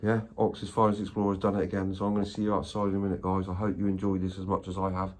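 Urban explorer vlogger, English man, lowish voice, enthusiastic and sweary, faint ambience. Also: rapid-fire, a little hiss or hum. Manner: excitable, swears, keeps addressing viewers. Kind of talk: casual vlog narration. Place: abandoned house, indoors then grounds.

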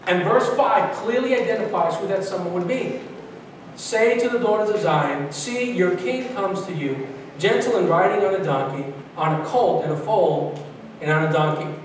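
New pastor preaching, fairly high voice, lots of restarts, big echoey church picked up from a distance. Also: male voice, moderate pace, a little hiss or hum. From Brooklyn, New York. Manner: animated preaching with frequent restarts and repetitions. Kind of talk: sermon. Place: large church sanctuary.

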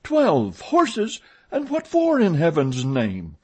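Man voicing a blustering, impatient opera manager; sharp raised exclamations, lively pitch. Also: takes it slowly, slightly rough, full character voice. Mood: exasperated.

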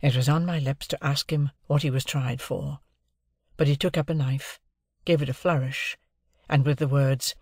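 Gravelly male audiobook narrator. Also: mid-range voice, steady tone, no echo, clean studio sound. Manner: measured, phrase-by-phrase delivery. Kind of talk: audiobook reading of a classic novel.

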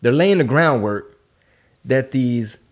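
A man hosting a podcast in a loose, slangy way. His voice sits at a middle pitch, and he gets animated as he tells a story. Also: takes it slowly. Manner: casual, slangy, animated when telling stories. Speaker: podcast host. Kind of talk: casual podcast chat.

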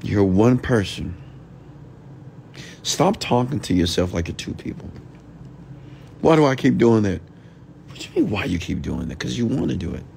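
Man, middle-aged, livestream mentor ranting late at night: blunt, profane, gravelly. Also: on the low side, very animated, normal speed, long pauses, darkish tone, slight background noise. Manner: blunt, profane, mocks whiny voices. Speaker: entrepreneur and mentor hosting a livestream. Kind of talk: late-night motivational rant.

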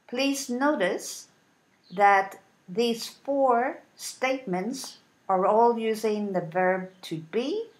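A woman teaching an English lesson, reading example sentences and modeling intonation with deliberate, clear enunciation. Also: mid-range voice. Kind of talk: slow, careful English lesson.

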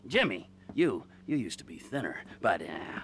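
A man's voice: lowish voice, sing-song, moderate pace, vocal fry, a bit bright, slight background noise, full character voice. An actor playing a volatile, unhinged male criminal in a video game cutscene, sarcastic and swinging into manic cheer.

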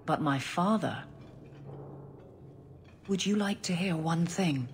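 A low-voiced grieving guard captain for a game, quiet and restrained, never raising her voice. Her words come plain and steady, and faint music plays under her. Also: slow pace. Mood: somber.

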